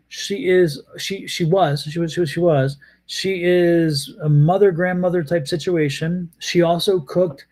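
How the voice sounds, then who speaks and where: A man with a fairly high voice giving a live tarot reading. He rambles, stops and restarts, and repeats phrases as he goes. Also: dark tone. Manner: rambling, repeats himself, many hesitations. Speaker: tarot reader.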